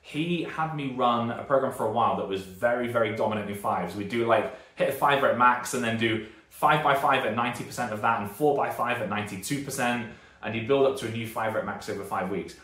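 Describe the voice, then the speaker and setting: A man's voice: mid-range voice, fairly quick, a bit bright, reverberant. A British man in his thirties, a strength coach, giving a casual and rambling video lesson full of tangents and self-corrections. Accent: British, northern English. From Britain.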